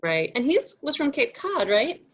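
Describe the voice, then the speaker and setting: A middle-aged woman, a librarian, chatting casually while unboxing books, friendly and quick to laugh. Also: high voice, sing-song. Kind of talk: casual book unboxing chat. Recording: muffled lo-fi sound.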